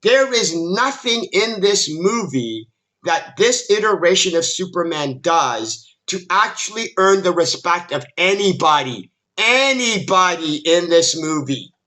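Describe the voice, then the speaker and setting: A man with a high, bright voice rants about a movie, exasperated and emphatic. His pitch swings widely as he talks, and he keeps stumbling and restarting his sentences. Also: animated, unhurried. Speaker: film commentary YouTuber. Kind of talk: ranting movie critique monologue.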